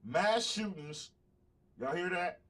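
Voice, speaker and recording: A man's voice: high voice, expressive, slow, a bit bright. A man hosting a livestreamed podcast, giving heated, profane commentary straight to his chat. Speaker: podcast host.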